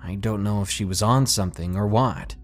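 A man reading first-person scary stories in a steady, scripted narration with dramatic pauses. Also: on the low side, soft background music. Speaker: storyteller reading submitted stories.

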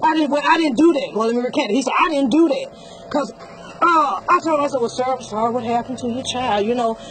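A woman's voice: high-pitched, animated, fast talker, a bit bright, rough recording. A woman, a customer witness recounting events in a rambling, conversational way for a news interview.

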